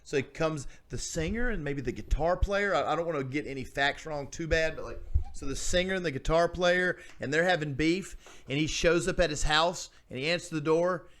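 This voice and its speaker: A man hosting a podcast in casual chat, telling stories in a rambling, excited way with many restarts. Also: on the high side, a little fast. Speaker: podcast host.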